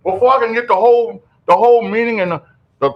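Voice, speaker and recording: A man hosting a radio show in casual, animated chat, calling out to his co-hosts and listeners. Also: very high-pitched, highs cut off. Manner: animated, loud, quick repeated calls of "yo".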